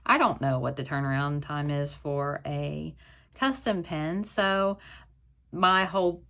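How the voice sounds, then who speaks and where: A woman's voice: low voice, fairly even intonation, slow pace, vocal fry, sharp tone. A woman vlogging a stationery haul, chatting through a story, then gushing with emotional, breathless exclamations as she unboxes. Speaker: stationery YouTuber. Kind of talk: casual haul vlog, unboxing.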